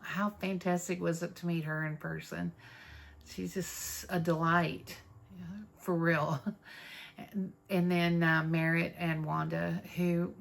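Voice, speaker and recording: Low gravelly woman chatting. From North Texas. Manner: chatty, rambling, warm about friends, with fillers. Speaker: Flosstube vlogger. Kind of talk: casual chat to camera.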